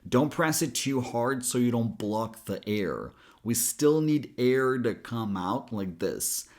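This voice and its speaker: Slow, lively-voiced male pronunciation coach. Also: medium pitch. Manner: slow, drawn-out demonstration of sounds. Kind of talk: pronunciation lesson.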